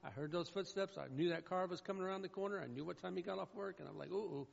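A man preaching a sermon with emphatic delivery, his voice swinging from loud declarations to hushed low lines. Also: fast talker, gravelly. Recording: echoey hall with dull sound.

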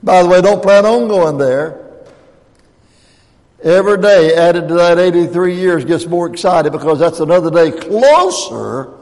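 A man's voice: high-pitched, lively intonation, a little slow, darkish tone. A man in his eighties preaching a sermon as pastor, folksy and joking with the congregation between points. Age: 80s. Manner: folksy, joking asides with laughter. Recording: long hall reverb.

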